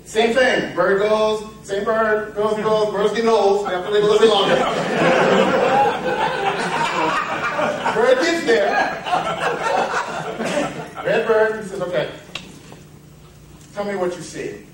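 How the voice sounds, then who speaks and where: A man gives a motivational seminar talk, rambling through a parable, interrupting himself with playful asides. His high-pitched voice goes slowly with frequent pauses, picked up from afar by a distant mic in an echoey hall over a noisy crowd, very noisy overall.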